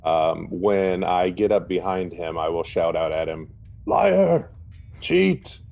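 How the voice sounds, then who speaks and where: A man playing a tabletop game, speaking hesitantly with many pauses. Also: low voice, level tone, darkish tone, lo-fi sound. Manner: slow, hesitant. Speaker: player.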